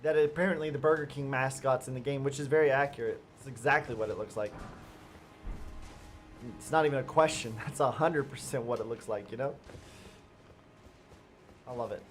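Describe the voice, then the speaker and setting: A man giving chatty live gameplay commentary as a streamer, talking straight to his viewers and breaking into excited outbursts. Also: mid-range voice, fairly quick, long pauses, soft background music. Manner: chatty, addresses viewers directly. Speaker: gaming streamer.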